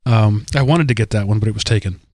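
A man's voice: lowish voice, fast talker, a little mellow, no room sound, studio quality. A man hosting a podcast in casual chat, teasing and wordy. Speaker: podcast host.

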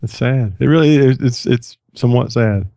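Male podcast co-host, dry wit, average pitch, close and dry. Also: normal speed, creaky, warm tone, no echo. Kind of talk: casual chat.

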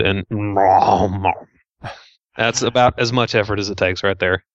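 A man's voice: on the low side, fairly even intonation, slow pace, dry recording. A man with a Southern US accent co-hosting a podcast, an easygoing storyteller with folksy phrasing. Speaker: podcast co-host. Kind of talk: casual podcast chat. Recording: dry, slightly dull mic.

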